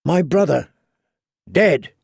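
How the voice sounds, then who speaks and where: A man's voice: on the high side, big pitch swings, takes it slowly, creaky, a little mellow, slightly rough, dry recording, clean studio sound, heavily acted. A man voicing a brutal, battle-hardened warrior who growls and barks his words with contempt. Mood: shouting. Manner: growling, barked orders.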